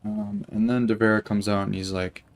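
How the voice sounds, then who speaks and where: A man's voice: on the low side, flat delivery, normal speed. A young man telling a long story while he plays a game, rambling and swearing, with lots of filler words. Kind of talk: casual storytelling while gaming.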